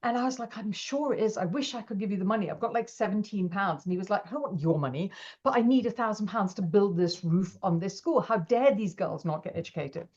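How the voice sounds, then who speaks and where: A middle-aged woman, a podcast guest telling stories in a lively, animated way and acting out quoted voices. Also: medium pitch, fairly quick, husky, lo-fi sound. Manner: animated, acts out quoted voices, laughs often. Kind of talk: casual interview storytelling.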